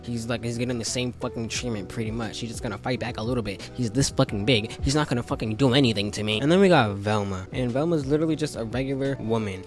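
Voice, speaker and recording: A man ranting casually into his phone, profane and brash, trash-talking and getting worked up. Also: mid-range voice. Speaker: commentator ranking game characters.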